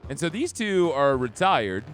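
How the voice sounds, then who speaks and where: An excitable man gives joking let's-play commentary and reads the game text aloud. His fairly high voice rises and falls in a lively way. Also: measured pace. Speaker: gaming streamer. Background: game music.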